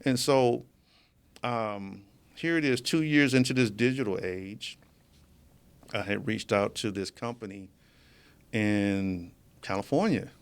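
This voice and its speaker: A man's voice: fairly low pitch, slow pace, long pauses, clear, resonant tone. A man being interviewed as a guest in a studio, telling his story casually and with animation, often laughing as he talks. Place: media studio.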